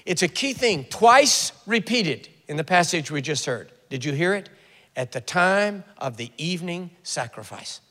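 Male preacher, high voice, lively storyteller, big echoing hall. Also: unhurried. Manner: animated storytelling, acts out the prophet's taunts with sudden loud bursts. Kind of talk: sermon.

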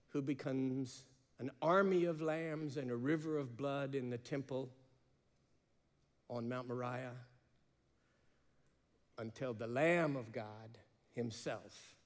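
A man preaching a sermon, passionate, shifting between emphatic raised cries and slow, hushed phrases. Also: medium pitch. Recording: long reverb of a large hall.

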